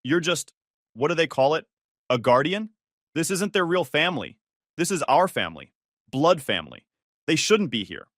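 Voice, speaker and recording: A cold, dismissive older mother, read by a man who talks as if she is the only sensible one. Her voice rises and falls with lively swings of pitch. The sound is close and dry, with no room around it. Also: normal speed, long pauses, no room sound. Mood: condescending. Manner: dismissive, falsely reasonable.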